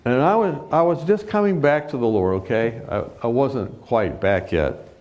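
A male preacher giving a sermon, telling a personal story with lively acted-out quotes and frequent laughs. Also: medium pitch, moderate pace. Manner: animated storyteller, acts out quotes, laughs often.

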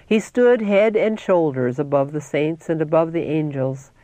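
A reader giving a solemn, deliberate reading of a devotional text, quoting scripture and citing verses. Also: medium pitch, mellow, dry recording.

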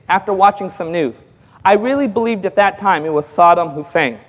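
A man giving his testimony to a congregation as an evangelist. He tells the story lively, acts out the dialogue with frequent chuckles, and calls out to the audience for responses. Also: high voice, a little fast, big-room sound, dull audio.

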